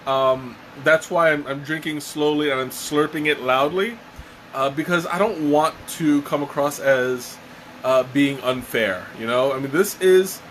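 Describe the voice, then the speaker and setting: A man casually reviewing a tea on a live stream, halting with many fillers and restarts. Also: on the high side, fairly bright tone, a little hiss or hum, poor audio. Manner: hesitant, many fillers and restarts, chuckles often.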